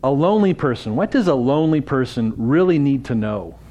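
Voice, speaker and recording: A man's voice: mid-range voice, big pitch swings, fairly quick, dark tone. Conversational man preaching to a conference. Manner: conversational, asks the audience questions. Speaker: conference speaker. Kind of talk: interactive church talk.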